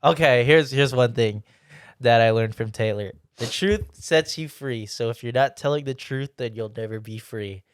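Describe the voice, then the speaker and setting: A young man hosts a casual podcast with friends. His voice is smooth and resonant, recorded close and dry. He talks in a chatty, rambling way and laughs often. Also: medium pitch, normal speed, no room sound. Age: young adult. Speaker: podcast host. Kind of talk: casual group chat.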